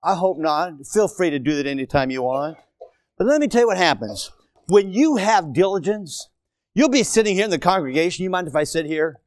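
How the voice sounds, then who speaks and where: A man preaching a lively, playful sermon to his congregation in a church, talking straight to them and joking with them. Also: high voice, brisk, no echo, clean studio sound. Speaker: pastor. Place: church auditorium.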